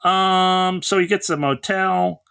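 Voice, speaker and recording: A man's voice: high voice, fairly even intonation, slow, creaky, pushed and bright, clear, resonant tone. A man co-hosting a podcast, casually recapping a film's plot in a chatty way. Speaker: podcast co-host. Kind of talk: casual movie review chat.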